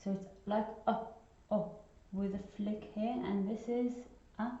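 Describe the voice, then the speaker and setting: A woman teacher slowly taking young children through a phonics lesson, patiently repeating each sound. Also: mid-range voice, fairly even intonation, warm tone. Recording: echoey room, dull lo-fi sound.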